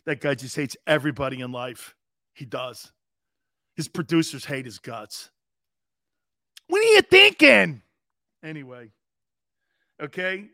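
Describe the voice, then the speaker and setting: A man's voice: a little high, sing-song, measured pace, long pauses, sharp tone, no room sound, clean studio sound. A man in his fifties hosting a live sports talk show, brash and profane, mocking players as he talks.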